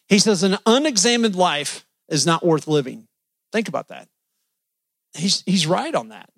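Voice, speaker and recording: High-voiced folksy preacher, dry sound. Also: male voice, fairly bright tone, dry recording. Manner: folksy, joking with the congregation. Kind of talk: sermon. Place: church.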